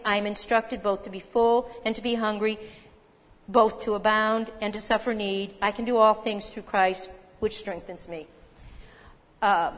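A woman delivers a sermon in an earnest, emphatic way, turning to the congregation with rhetorical questions. Her voice sits a little high, and a long reverb trails behind it as it rings through a large hall. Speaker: preacher.

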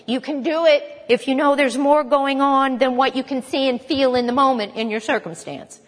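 A woman delivering a sermon with a somewhat high voice. She speaks with emphasis, poses rhetorical questions and repeats phrases for stress. Her voice rings with the long reverb of a hall. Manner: emphatic, rhetorical questions, rapid mock chanting. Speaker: preacher.

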